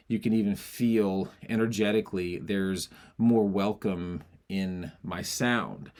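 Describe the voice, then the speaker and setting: A male voice teacher explaining how breath affects the larynx, breaking into short sung and spoken demonstrations. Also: fairly low pitch. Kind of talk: singing lesson.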